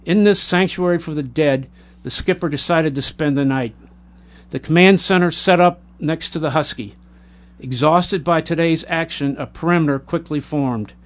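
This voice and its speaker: A man reading a war memoir aloud in a measured, plain way, now and then stumbling and correcting himself. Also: fairly high pitch. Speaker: narrator.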